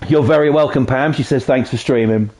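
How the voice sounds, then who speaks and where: Profane, rambling Norfolk man with mellow voice. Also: medium pitch. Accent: Norfolk English. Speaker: game streamer. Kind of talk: casual live-stream chat.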